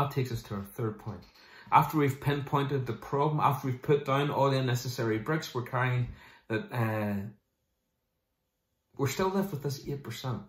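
A male pastor delivering a sermon, lively and conversational, sometimes mimicking people in quick asides. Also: medium pitch, roomy sound.

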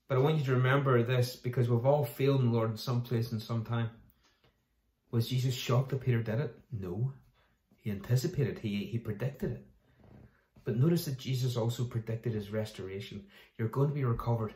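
A man preaching to his congregation in a relaxed, chatty way. He slips into quick little voices for the people he quotes. His mid-pitched voice carries the echo of a roomy hall. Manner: conversational, acts out quoted voices. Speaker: pastor. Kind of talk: sermon.

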